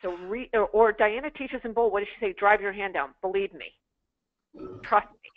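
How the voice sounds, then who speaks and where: A woman's voice: medium pitch, fast talker. A woman teaching a sales class to callers, coaching them in emphatic drills and repeating phrases for practice. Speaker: sales trainer. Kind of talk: interactive online class. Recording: tinny phone-like line.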